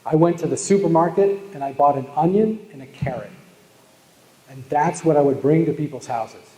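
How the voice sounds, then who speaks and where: At a live event, a Boston-accented man speaks at normal speed in a fairly high, warm voice. His motivational sales keynote mixes jokes, stories and shout-outs to the audience, all heard through the long echo of a large hall.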